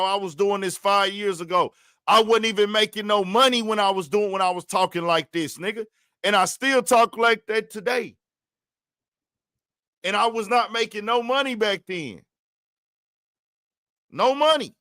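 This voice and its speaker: A man's voice: high voice, moderate pace, bright, forceful tone, clean tone, no room sound, clean studio sound. A man hosting a live stream, ranting in a fired-up way and calling out to his viewers, repeating his points. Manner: fired-up, repeats himself, calls out to the audience. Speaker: livestream host. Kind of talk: live-stream commentary rant.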